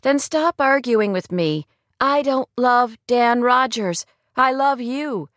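A woman's voice: fairly high pitch, takes it slowly, a bit bright, no room sound, voice pushed up. A woman voicing a determined young woman in love, speaking earnestly and emphatically.

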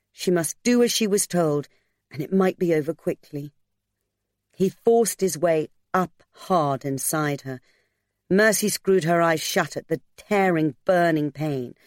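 A woman narrating a novel in a steady, measured storytelling voice. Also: low voice, no room sound, clean studio sound. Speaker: audiobook narrator.

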